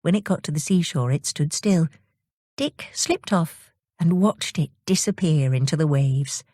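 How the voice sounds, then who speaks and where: A woman reading children's stories aloud in a slow, expressive storytelling manner. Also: deep voice, dry recording, studio quality. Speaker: audiobook reader.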